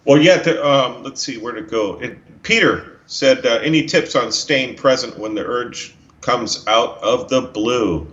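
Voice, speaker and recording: A man's voice: medium pitch, measured pace, few pauses, a bit bright. A male co-host speaking plainly and steadily in a casual talk, recording from home. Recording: roomy, dull lo-fi sound.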